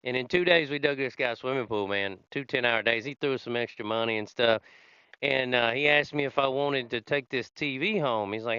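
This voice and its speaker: A man's voice: medium pitch, expressive, a little fast, sharp tone, clean tone, dry recording. A man hosting a podcast, telling his own recovery story in a rambling, conversational way with many fillers. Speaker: podcast host. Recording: slightly dull lo-fi sound.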